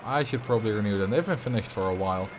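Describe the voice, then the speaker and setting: A man's voice: on the low side, very fast, noisy background. A man streaming a game live, chatting casually and rambling as he answers his chat. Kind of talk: casual live gameplay commentary. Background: faint game music.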